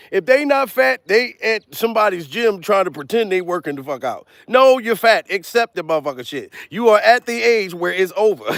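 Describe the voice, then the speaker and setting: A man's voice: sits high, gravelly, no echo, studio quality. A man doing a comedic livestream, out of breath and laughing as he rambles, swearing constantly. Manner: profane, laughing, excitable rambling.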